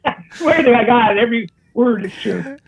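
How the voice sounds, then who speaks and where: An older man, a comedy writer and guest, telling a lively anecdote and laughing at his own punchlines. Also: very high voice, slow pace, vocal fry, crowd noise. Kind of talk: casual storytelling. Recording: tinny phone-like line.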